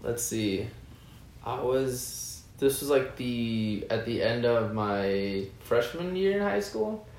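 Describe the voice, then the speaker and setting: A man's voice: medium pitch, animated, takes it slowly, creaky, a little mellow, a little hiss or hum. A man, a band member guest, rambling through a story in casual chat with lots of "like" and "um". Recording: roomy echo.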